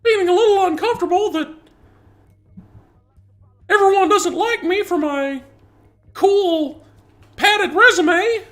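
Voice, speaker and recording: A man putting on a high, whiny voice as a smug young male politician, a comedic impression. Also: slow pace, pauses often, a bit bright, heavily acted. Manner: whiny, indignant.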